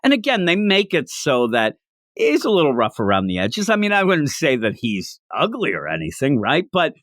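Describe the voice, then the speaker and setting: A man hosting a manga review podcast, chatting casually in a rambling, animated way. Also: on the high side, normal speed, no echo, studio quality. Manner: animated, rambling, lots of fillers. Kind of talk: casual chat.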